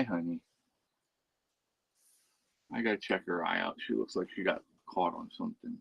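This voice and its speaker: A man with a somewhat low voice hosts a relaxed livestream chat. He talks easily and coos to his cats between remarks. The sound is dry and close. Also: normal speed, gravelly, husky, dry recording, muffled recording. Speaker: livestream host.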